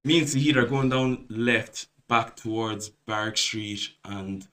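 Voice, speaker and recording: A man, telling a story on a podcast in a casual, animated way, swearing and laughing as he goes. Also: on the low side, a little slow, clean tone. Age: 20s. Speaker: podcast host.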